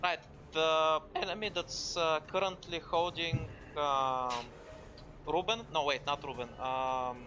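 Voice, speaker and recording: A man's voice: fairly high pitch, fairly even intonation, slow, music in the background. A man playing a tabletop game, chatting about the rules and describing what his character does. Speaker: player. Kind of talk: casual tabletop game play.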